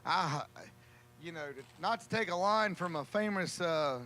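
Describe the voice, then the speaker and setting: A man calling a drag race, with a joking, folksy manner and drawn-out calls. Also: high-pitched, sharp tone, a little hiss or hum. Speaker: race announcer. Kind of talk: drag racing commentary.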